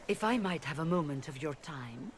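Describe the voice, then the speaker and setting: A woman's voice: deep voice, expressive, normal speed, a little hiss or hum. An actress voicing a proud, middle-aged female leader of rebel mages in a video game, speaking formally and persuasively.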